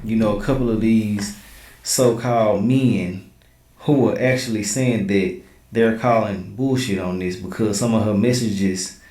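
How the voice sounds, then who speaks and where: A man's voice: on the low side, a little mellow, reverberant. A man hosting a reaction channel, reading text messages aloud in a blunt, slangy, casual commentary. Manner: blunt, slangy, reads quoted messages in a plain back-and-forth.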